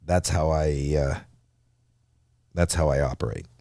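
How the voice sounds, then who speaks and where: A man's voice: a bass voice, measured pace, vocal fry, dry recording, clean studio sound. A man in his sixties, a comedian guest, telling candid, profane stories with restarts, acting out his panicked younger self. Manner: animated, acts out his old stage panic in a raised voice; profane, repeats and restarts mid-sentence. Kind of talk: candid storytelling in a podcast interview.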